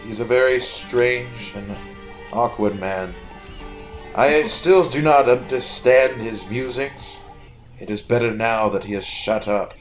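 A man's voice: mid-range voice, slow pace, faint music behind, natural voice. A man voicing a tall, lanky, short-tempered nobleman who snaps in exasperated bursts. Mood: disdainful. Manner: snappish, exasperated outbursts.

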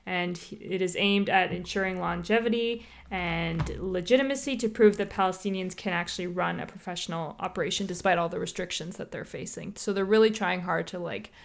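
A woman's voice: on the low side, brisk, gravelly, few pauses. A woman hosting a podcast, chatting casually and explaining a topic with lots of fillers and asides. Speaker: podcast host.

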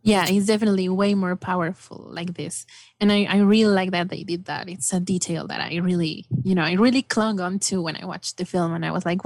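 A woman's voice: lowish voice, fairly even intonation, fairly quick, no room sound. A woman guest chatting casually about a film, enthusiastic and rambling with many fillers. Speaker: podcast guest.

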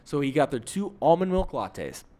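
A young man co-hosting a podcast, telling an exasperated story in a casual, animated way, full of fillers. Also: a little high, moderate pace. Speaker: podcast co-host.

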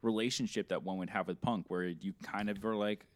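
A man's voice: fairly low pitch, steady tone, a little fast, no room sound. A man co-hosting a podcast in casual chat, rambling and swearing freely, sometimes acting out the people he quotes. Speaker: podcast co-host.

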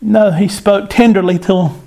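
A man's voice: high voice, steady tone, normal speed, gravelly, mellow. A man preaching a sermon, in an impassioned cadence that rises and falls.

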